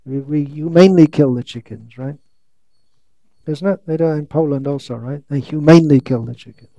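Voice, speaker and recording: A man giving a scriptural lecture, reading out quotes slowly and breaking into sarcastic, ironic asides. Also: fairly high pitch, mellow, dry recording, muffled recording. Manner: reads quotes slowly, stretches words. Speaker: monk lecturer. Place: lecture hall in India.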